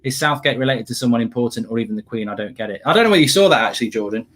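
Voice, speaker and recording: An English man co-hosting a live football watchalong, talking in an animated, ranting way and swearing casually. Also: mid-range voice, racing.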